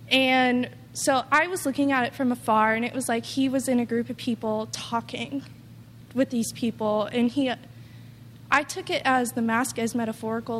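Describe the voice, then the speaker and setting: A woman's voice: fairly high pitch, slight background noise. Earnest woman in an echoing hall. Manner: earnest, rambling, heavy use of "like". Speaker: testimony speaker. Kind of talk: personal testimony.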